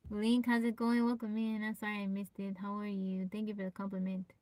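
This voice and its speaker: A woman with a naturally low, soft voice chatting on a live stream. She greets viewers by name, laughs often and pushes herself to project. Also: monotone, moderate pace, no echo. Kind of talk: casual live-stream chat. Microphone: phone.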